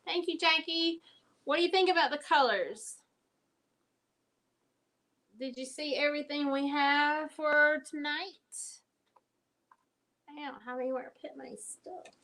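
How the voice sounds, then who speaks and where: A woman's voice: high-pitched, unhurried, long pauses, fairly bright tone. A woman hosting a live craft stream, chatting to viewers as she paints. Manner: chatty, talks straight to viewers while working. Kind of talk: casual live-stream chat.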